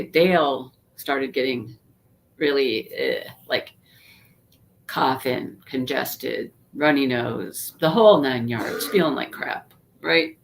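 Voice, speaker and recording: A woman's voice: lowish voice, vocal fry. A woman chatting casually to viewers on a live stream, rambling and greeting people by name, while congested from a sinus infection. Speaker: YouTube livestream host.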